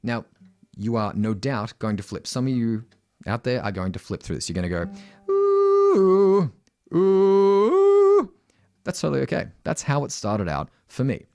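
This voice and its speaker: A man's voice: fairly quick, no echo, faint music behind. Australian man teaching singing, dry sound. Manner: direct, uses "right?" constantly, breaks into loud high sung examples. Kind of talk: singing lesson with sung demonstrations.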